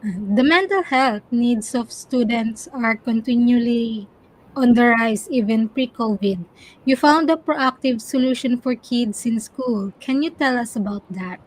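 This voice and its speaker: Woman host reading out her questions, a bit high-pitched, measured. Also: low-quality recording. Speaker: interviewer. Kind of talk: reading prepared interview questions.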